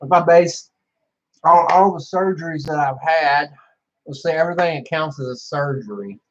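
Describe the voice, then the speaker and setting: Young man, casual monologue, profane, rambling, fillers, slightly high voice, dull lo-fi recording. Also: normal speed. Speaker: vlogger. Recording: dull lo-fi sound.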